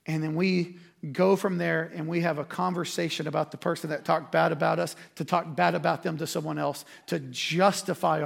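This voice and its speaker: Gravelly pastor telling a story. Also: male voice, on the high side. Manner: animated storytelling, self-deprecating. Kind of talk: sermon with personal story.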